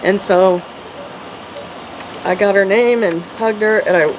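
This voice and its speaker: A middle-aged woman, an interview guest, earnestly and emotionally telling a personal story, with halting restarts. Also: mid-range voice, steady tone. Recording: noisy background hum.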